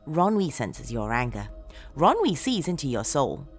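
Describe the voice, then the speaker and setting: A woman voicing a slow, taunting evil computer program. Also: a bass voice, very animated, soft background music, heavily acted. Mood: taunting menace. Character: sinister all-knowing male computer program.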